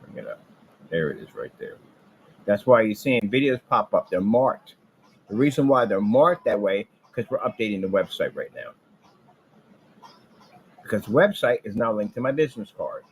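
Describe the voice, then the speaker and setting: A boastful man rants about his business in a rambling trash-talk style. His pitch swings wildly, from low muttered asides to loud, high, taunting outbursts. A faint background noise runs under the recording. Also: poor audio. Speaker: business owner ranting on his channel.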